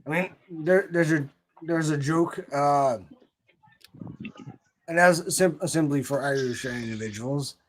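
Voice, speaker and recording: A man's voice: on the high side, takes it slowly, pauses often. A man in a casual live chat, joking around and often stammering as he starts his sentences. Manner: joking, hesitant with stammered restarts. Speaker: chat guest.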